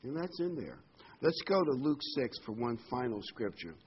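A man's voice: medium pitch, very animated, moderate pace, highs cut off, slight background noise. A man preaching a sermon in a conversational way, his voice lifting on key phrases.

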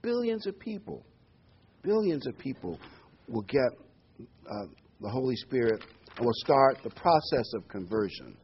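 A man's voice: mid-range voice, big pitch swings, unhurried, slight background noise. A man preaching a sermon, earnest and emphatic, repeating key words with occasional ums. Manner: earnest, emphatic repetition with fillers. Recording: dull lo-fi recording.

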